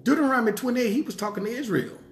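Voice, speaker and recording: A man's voice: very high voice, animated, racing. A man preaching a sermon in an emphatic style, repeating rhetorical questions. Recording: roomy echo.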